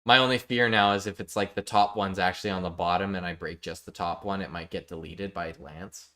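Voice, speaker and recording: A man's voice: low-pitched, fairly even intonation, fairly quick, a bit bright. A man chatting casually with his viewers while live-streaming a building game, reading out chat and joking. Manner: chatty, reads chat aloud, jokey.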